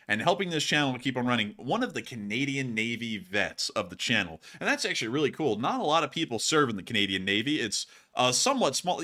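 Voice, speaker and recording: A young man hosting a live stream, chatting casually and thanking viewers for donations. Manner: excitable, laughs and breaks into high yelps. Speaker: host.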